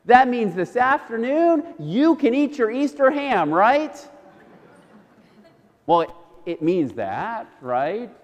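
Pastor, male, high voice, casual storytelling sermon, echoing church. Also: sing-song, slow, lo-fi sound. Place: church sanctuary. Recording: church hall reverb.

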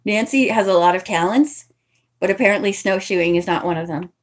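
A woman reads a novel aloud at a middling pitch. She stops now and then for chatty asides to her listeners. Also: brisk. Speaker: reader. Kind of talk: casual book reading aloud.

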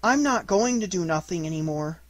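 A man putting on a little storybook boy, earnest and tender, his voice pushed well up in pitch. The reading is close and dry, with no room around it. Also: lively intonation, moderate pace, no room sound.

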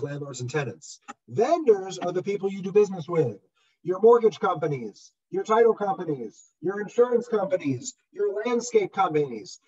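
A man leading a real estate software webinar over a video call, animated and acting out customer voices as he explains. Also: a little high, breathy edge. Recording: dull lo-fi audio from far off the mic.

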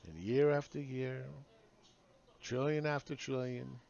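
A man's voice: medium pitch, unhurried, gravelly, a little mellow, dull audio. A man ranting sarcastically in a solo video monologue, mocking the people he argues against. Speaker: market commentator.

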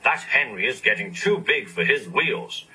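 A man's voice: mid-range voice, big pitch swings, normal speed, pushed and bright, slightly rough, exaggerated voice, rough recording. A man voicing a proud, grumpy large male steam engine in a storybook, talking pompously and huffily. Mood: huffy. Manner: pompous, huffy.

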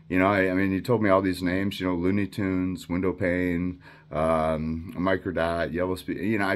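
A man in his fifties telling a rambling personal story in a casual way, swearing freely and filling pauses with "you know" and "uh". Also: low-pitched, steady tone. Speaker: storyteller recounting his past.

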